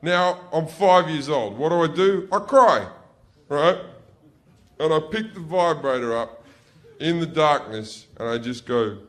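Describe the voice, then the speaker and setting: An Australian stand-up comedian spinning rude childhood stories on stage. His voice sits a little high for a man, and he tells it loose and profane, with sudden yelled bits where he plays his family. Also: expressive, unhurried, slight background noise. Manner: profane, loose, jumps into loud yelled impressions. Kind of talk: stand-up storytelling. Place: stage before a laughing audience.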